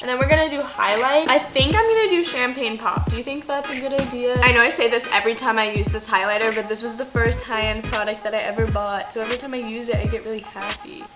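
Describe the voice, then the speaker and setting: A young woman talking through a makeup tutorial in a rambling, playful way, swearing freely and going off on tangents. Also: a little high. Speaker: beauty vlogger. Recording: music playing underneath.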